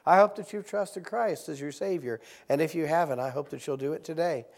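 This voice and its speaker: A middle-aged man preaching a sermon, leading his congregation in call-and-response Bible reading and rising from soft-spoken asides to loud, emphatic exhortation. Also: fairly high pitch, fairly quick, creaky. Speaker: visiting preacher. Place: church sanctuary.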